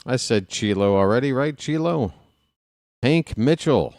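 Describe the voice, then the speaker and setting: Man, live baseball play-by-play, chatty, greets viewers, smooth clear voice, dry close recording. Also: lively intonation, a little slow, a little mellow, no room sound. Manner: casual, chatty, reads viewer names between pitches. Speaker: play-by-play streamer. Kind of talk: live play-by-play with chat shout-outs.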